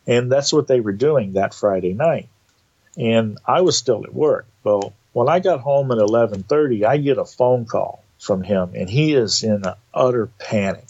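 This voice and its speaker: A man telling a personal story in a casual, animated way, acting out the quoted dialogue. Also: mid-range voice, moderate pace, breathy edge, highs cut off. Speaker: guest telling of entity encounters.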